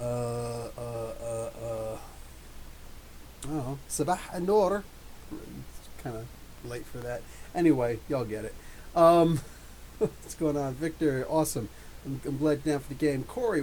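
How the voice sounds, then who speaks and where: A man's voice: on the high side, a little mellow. A man hosting a casual live-stream podcast, greeting chat viewers by name with light jokes and mild swearing. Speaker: podcast host. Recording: faint hiss.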